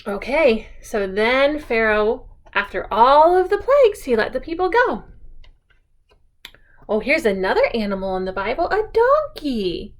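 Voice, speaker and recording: A woman reads picture-book stories aloud to a small child, her voice high and swooping. She talks slowly and coaxingly, stopping often to ask the child questions. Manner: sing-song, animated, slow and coaxing, asks the child questions. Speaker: children's storyteller.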